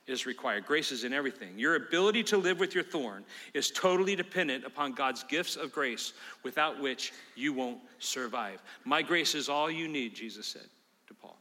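A male pastor preaching a sermon to his congregation, emphatic and swinging between loud calls and hushed appeals. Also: mid-range voice, animated, normal speed. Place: church sanctuary. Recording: reverberant church hall.

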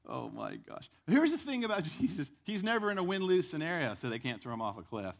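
A male pastor preaching a sermon in church, telling the story with lively acted-out voices. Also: fairly high pitch, brisk, creaky.

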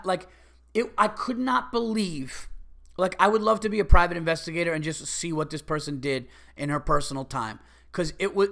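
A man, hosting a podcast and telling a story in an animated, exasperated way. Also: medium pitch. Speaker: podcast host. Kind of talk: casual storytelling monologue.

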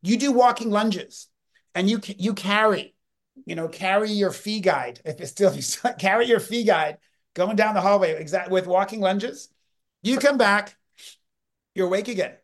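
This man in his fifties speaks at normal speed in a high voice. Appearing as a guest on a podcast interview, he energetically tells stories and frequently interrupts himself to restart sentences.

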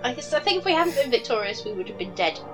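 A woman's voice: fairly high pitch, very animated, fast, in a large hall, over music. A woman player in a tabletop game, making dry, wry quips. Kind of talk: casual role-play chat.

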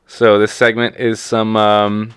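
A man co-hosting a comedy podcast, laid-back and deadpan as he reads out headlines. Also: on the low side, slow, smooth. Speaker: podcast co-host. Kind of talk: casual comedic podcast chat.

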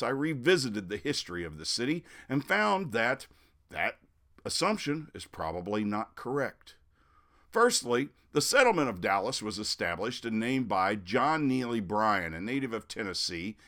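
A man's voice: on the low side, a bit bright. A middle-aged man from Missouri talks through a history story in a chatty podcast monologue. His voice rises and falls a lot as he goes. He drops in wry asides now and then. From Missouri, United States. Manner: chatty, wry asides, flares up in mock outrage. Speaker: podcast host.

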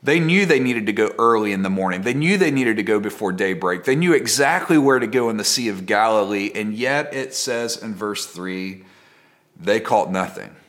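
A man preaching a sermon as a pastor, telling the story in a conversational, dramatic way and dropping to a hush at key moments. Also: lowish voice, expressive, normal speed. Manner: conversational and dramatic, with repeated phrases.

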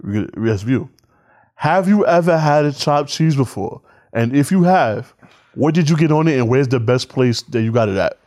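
A young man hosts a casual podcast. He talks loudly and jokes, laughing often. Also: mid-range voice, expressive, moderate pace. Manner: loud, joking, laughs often. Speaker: podcast host. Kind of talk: casual chat.

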